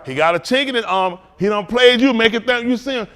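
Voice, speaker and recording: A man preaching as a pastor in a fiery talk, swinging from low mutters to loud outbursts. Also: fast talker, clear, resonant tone.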